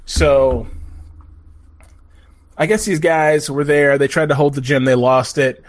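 Profane, animated storytelling man. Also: a little high, takes it slowly. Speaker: podcast host. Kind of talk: casual chat.

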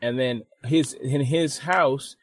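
A man co-hosting a casual podcast chat, swearing freely and telling animated stories. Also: mid-range voice, takes it slowly, slight background noise. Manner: profane, animated storytelling with mimicked voices. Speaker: podcast co-host.

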